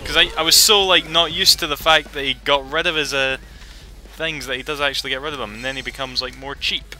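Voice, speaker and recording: A man's voice: mid-range voice, fairly even intonation, fairly quick, sharp tone. A man giving let's play commentary over a boss fight, frustrated and rambling, with lots of swearing. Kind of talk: gaming commentary.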